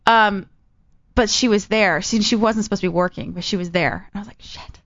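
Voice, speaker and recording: A woman in casual chat, an entertainer telling a story and acting out the quotes with lively energy. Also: mid-range voice, a little fast, no echo, highs cut off.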